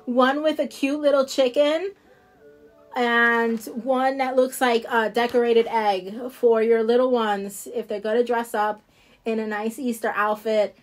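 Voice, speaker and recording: A woman's voice: a little high, steady tone, measured pace. A woman with a New Jersey accent chatting casually to viewers as she shows off nail products, rambling and laughing easily. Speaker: independent nail product seller. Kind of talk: casual live product showcase.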